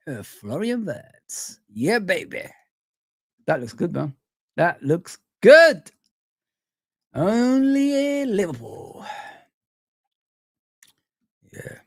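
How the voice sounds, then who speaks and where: A man hosting a casual livestream, chatting lively and reading out and greeting his chat. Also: on the high side, vocal fry, breathy edge, no room sound, studio quality. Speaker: livestream host.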